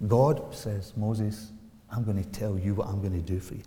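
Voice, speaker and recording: A man in his seventies preaching a sermon, animated and emphatic, asking rhetorical questions and building to loud peaks. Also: on the low side, fairly quick. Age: 70s. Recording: long hall reverb.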